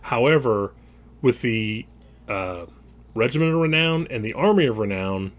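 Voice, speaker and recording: A man's voice: medium pitch, expressive, normal speed. A man hosting a podcast in casual chat, rambling through his points and laughing often. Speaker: podcast host.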